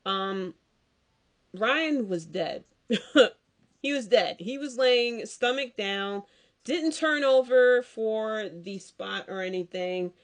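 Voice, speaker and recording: A woman hosting a podcast, recapping casually in an animated, slangy, rambling way with lots of fillers. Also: on the high side, slow pace. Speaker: podcast host. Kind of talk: casual wrestling recap chat.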